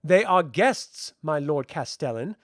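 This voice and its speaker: A proud young princess with a cutting, commanding tone, as a man reads her part. Her voice rides high and leaps around with lively swings. The sound is dry and close. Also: unhurried, no room sound. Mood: cool.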